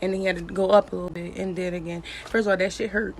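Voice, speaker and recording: A young woman telling a casual storytime in a blunt, profane, animated way. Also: fairly low pitch, racing, slight background noise. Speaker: vlogger.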